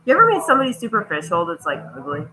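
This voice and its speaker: A woman's voice: on the low side, wildly swooping pitch, rapid-fire, crowd noise, low-quality recording. A woman rambling and swearing freely in a casual home vlog, walking around a cluttered house as she films on her phone. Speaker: vlogger.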